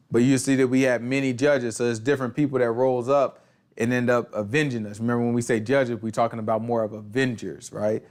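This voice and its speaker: A man with a mid-range voice leads a casual Bible study, explaining the text in animated, slangy talk. He acts out snippets of street dialogue along the way.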